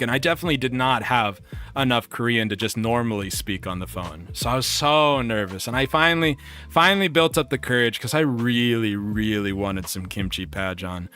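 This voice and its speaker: Man, bright voice, casual streamer storytelling, animated, quick laughs. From United States. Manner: animated, laughs often, jumps up in pitch for quoted bits. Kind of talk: casual storytelling while reading chat.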